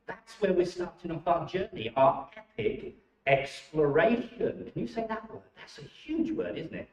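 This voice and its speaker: A man leading children through warm-up exercises at a church holiday club, enthusiastic and encouraging, in a church hall. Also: sits high, fairly quick, creaky. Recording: echoey, dull sound from a distant mic.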